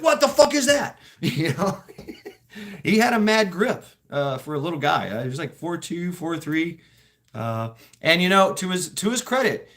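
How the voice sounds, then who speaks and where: Male podcast host, middle-aged, casual and profane storyteller, slightly high voice, bursts into squeaky impressions. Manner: animated, laughing, swearing, acts out quotes in high voices.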